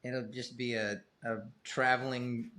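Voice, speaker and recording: A man's voice: mid-range voice, little pitch movement, measured pace, sharp tone. A middle-aged man talking as a guest on a podcast, rambling and self-deprecating, swearing casually. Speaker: guest musician.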